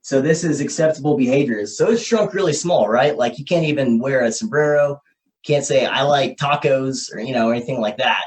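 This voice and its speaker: A man hosting a podcast, thinking out loud as he explains ideas at a whiteboard and often checks in with "okay?" and "right?". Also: mid-range voice, brisk. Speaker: podcast host. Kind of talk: casual explanatory podcast talk. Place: room with a whiteboard.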